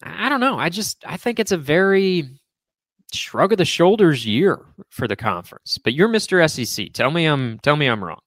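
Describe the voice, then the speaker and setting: A man's voice: fairly high pitch, animated, moderate pace, fairly bright tone, no room sound. A man hosting a sports talk show, opinionated and playfully teasing as he trades takes with his co-host.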